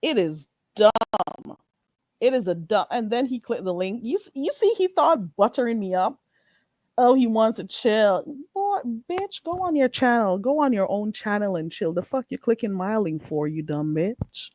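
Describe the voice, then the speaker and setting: Woman livestream host, blunt and mocking rant, very animated pitch, dry close sound. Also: normal speed, no echo. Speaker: channel host.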